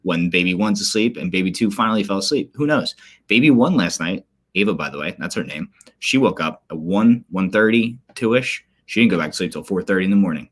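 Man, very low voice, podcast host, casual teasing banter, tired. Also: brisk, slightly rough. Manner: joking, teasing, animated.

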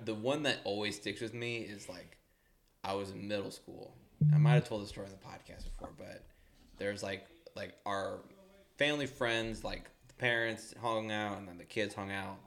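A young man chats on a podcast with a somewhat low voice. He tells long, rambling stories, full of swearing and laughter. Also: fairly even intonation, brisk, a bit bright. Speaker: podcast co-host. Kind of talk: casual chat.

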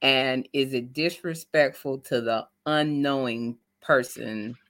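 A woman co-hosting a casual chat, teasing with quick interjections and pointed questions. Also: a bass voice, steady tone, fairly bright tone. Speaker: podcast co-host.

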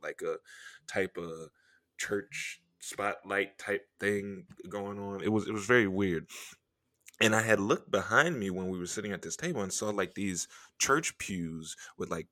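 A man's voice: on the low side, no room sound, studio quality. A man hosting a podcast, telling a story in casual chat and animatedly acting out what people said. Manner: animated, acts out quotes with laughs and whispers. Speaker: podcast host.

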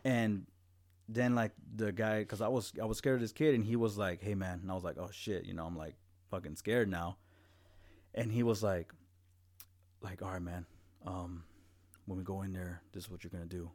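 Low-voiced young man telling a rambling story. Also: steady tone, normal speed, long pauses, a little mellow. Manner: rambling, heavy swearing, many restarts. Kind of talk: casual storytelling.

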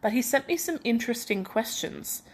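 A woman's voice: fairly high pitch, expressive, normal speed, breathy edge. A young Australian woman hosting her own podcast in casual solo chat, feverish, rambling and self-deprecating with many restarts. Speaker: podcast host.

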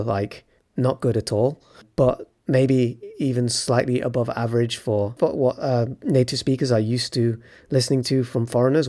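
A man's voice: medium pitch, a little mellow. Man hosting, asking long questions. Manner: conversational, asks long questions. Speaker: podcast host. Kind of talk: casual podcast interview.

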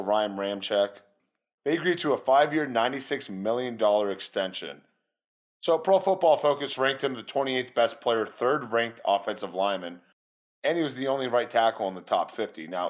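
A man's voice: medium pitch, lively intonation, moderate pace, lo-fi sound. A man co-hosting a sports podcast, chatting loosely and casually with occasional swearing. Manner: loose and profane, rambling. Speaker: podcast co-host.

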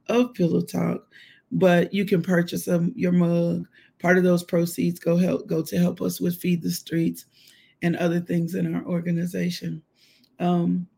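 A woman hosts a live devotional. She is emotional and exclamatory, breaking into spoken prayer and shouts of praise. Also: lowish voice, vocal fry, slightly rough. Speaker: devotional host.

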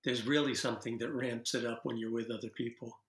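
A man's voice: medium pitch, fairly even intonation, brisk, crowd noise. Playful man in an echoey room. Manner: playful, demonstrates laughs. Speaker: guest, laughter practice teacher. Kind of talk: casual interview chat.

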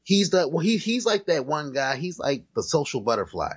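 A man's voice: on the high side, big pitch swings, moderate pace, slightly rough, dull audio. A man co-hosting a podcast, chatting loosely about movies with plenty of profanity and fillers. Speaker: podcast co-host. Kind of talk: casual chat about movies.

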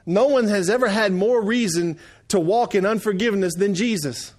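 A middle-aged man preaching a sermon, telling stories that swing from quiet, hushed lines to loud shouted outbursts. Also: high voice, normal speed, few pauses. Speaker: pastor.

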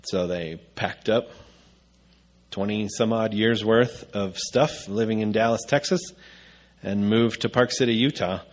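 A man preaching a conversational sermon, casual and rambling with frequent filler sounds. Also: on the low side.

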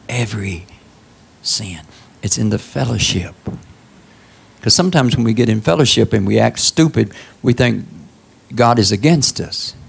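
A man delivers a sermon with a gravelly, husky voice. He talks to the congregation conversationally, tossing out questions and jumping into high, excited exclamations for emphasis. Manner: conversational preaching with call-outs like "Huh?" and sudden high exclamations. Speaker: pastor.

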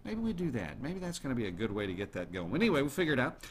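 An American radio show host chats casually and animatedly with his listeners, firing questions at the audience. His mid-range voice races along, with slight background noise.

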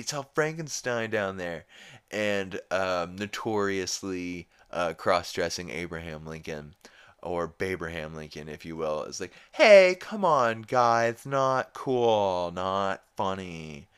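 A man's voice: a bass voice, a bit bright, no room sound. A man hosting a podcast, rambling through a casual episode recap with lots of "um" and "like". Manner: rambling, full of "um" and "like". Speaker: podcast host.

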